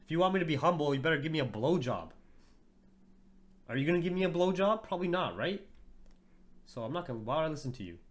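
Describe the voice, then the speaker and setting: A brash young man hosts a live trading stream and talks to his chat in a mocking, profane way. His voice sits somewhat high for a man, and he laughs often between his lines. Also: animated, fast, pauses often. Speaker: trading livestream host. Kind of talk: casual livestream chat.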